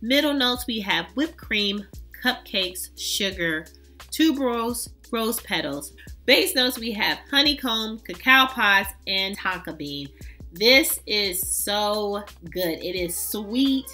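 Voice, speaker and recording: A woman's voice: on the high side, lively intonation, slow, pushed and bright, faint music behind. A woman reviewing fragrances in a casual vlog, chatty and emphatic with playful, sassy asides.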